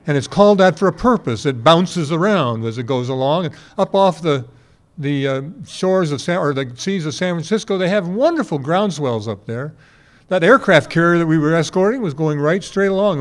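A man in his eighties preaching a sermon to a congregation, telling folksy stories and asking rhetorical questions. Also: on the high side. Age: 80s. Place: before a congregation.

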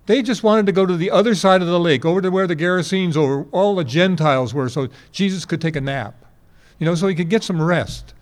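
A man's voice: high-pitched, a little fast. A man in his eighties preaching a sermon to a congregation, telling folksy stories and asking rhetorical questions. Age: 80s. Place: before a congregation.

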